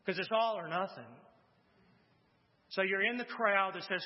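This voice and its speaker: A man's voice: sits high, normal speed. A male pastor preaching a sermon with impassioned, emphatic declarations, then leading a prayer. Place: church sanctuary. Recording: long reverb, dull lo-fi sound.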